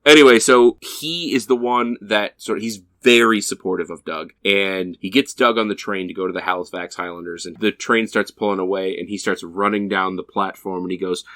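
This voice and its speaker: A man's voice: sits low, brisk, few pauses, no room sound. A man co-hosting a movie podcast, chatting casually and acting out quotes with laughs. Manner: laughing, animated quote reenactments. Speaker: podcast co-host. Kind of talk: casual movie review chat.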